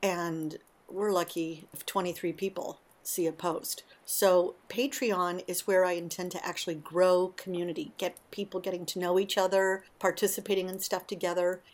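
A woman hosting a casual morning monologue, talking in an animated, emotional way with frequent asides. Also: on the low side. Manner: warm, emotional, animated storytelling. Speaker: podcast host.

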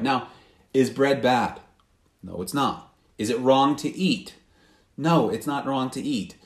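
A man's voice: mid-range voice, slow pace, pauses often. A man preaching a sermon as pastor, earnest and questioning, often restarting his sentences. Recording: roomy hall.

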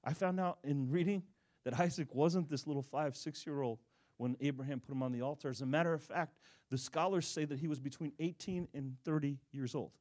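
A middle-aged man preaching a sermon, animated, swinging between loud bursts and hushed stretches as he acts out the people in his stories. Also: on the high side, a little fast. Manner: animated, dramatic swings in volume, acts out quoted voices.

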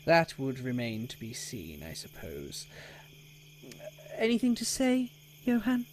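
A man voicing a smooth, scheming male town official who speaks in a condescending, veiled-threatening way. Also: medium pitch, wildly swooping pitch, slow pace, a little hiss or hum, low-quality recording. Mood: smug, menacing.

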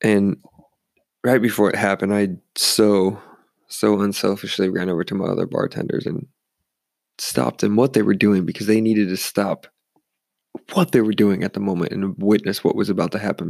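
Man, ex-bartender storyteller, low voice with fry, dry studio sound, animated. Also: normal speed, dry recording. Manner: rambling and animated, with many restarts. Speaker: former bartender telling stories. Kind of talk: casual storytelling. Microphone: studio microphone.

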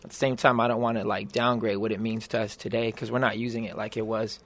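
A man, a rapper guest on a podcast, with a thin, high voice that he keeps low on purpose, talking in a laid-back, earnest way. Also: little pitch movement, quick pace, a bit bright. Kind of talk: casual podcast chat.

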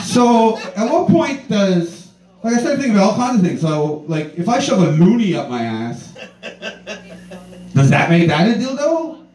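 A man's voice: sits high, moderate pace, slight background noise. Rambling young male stand-up comic. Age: 20s. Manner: rambling, profane, animated storytelling. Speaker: stand-up comedian. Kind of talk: stand-up comedy set. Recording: roomy, distant mic, faint ambience.

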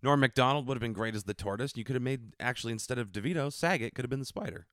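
Deadpan, cynical podcast man. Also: mid-range voice, rapid-fire, no room sound, studio quality. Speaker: podcast co-host. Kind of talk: casual chat.

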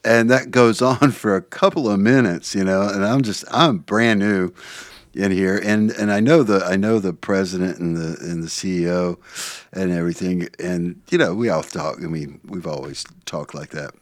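A man's voice: low voice, moderate pace, no room sound. A man co-hosting a podcast in casual chat, telling rambling anecdotes with frequent restarts. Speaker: podcast co-host.

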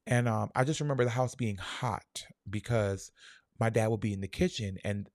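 A young man telling a personal childhood story in a soft, halting, reflective way, full of fillers. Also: on the low side, dry recording, studio quality.

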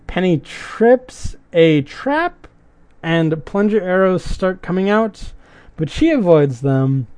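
A man's voice: on the high side, warm tone, no echo. A man giving a casual recap of a show's episode, adding chatty asides and his own opinions. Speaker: show recapper.

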